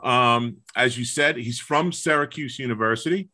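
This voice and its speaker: A man's voice: mid-range voice, moderate pace, pushed and bright. A man with a Long Island accent hosting a podcast, enthusiastic and repetitive, on a video call. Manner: enthusiastic, repeats himself. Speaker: podcast host. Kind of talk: casual chat.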